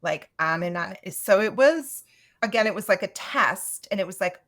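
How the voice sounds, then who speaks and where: A woman's voice: medium pitch, animated, moderate pace, fairly bright tone. A middle-aged woman, a Reiki teacher, explaining her practice earnestly in a casual interview. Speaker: Reiki master teacher, guest.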